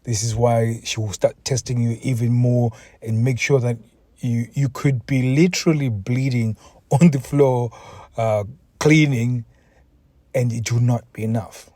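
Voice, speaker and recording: A man's voice: mid-range voice, fairly even intonation, unhurried, dark tone, no echo. A man hosting a solo podcast and talking earnestly. He sounds emotionally drained and often repeats words and restarts sentences. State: mentally exhausted, emotional. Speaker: podcast host, relationship coach.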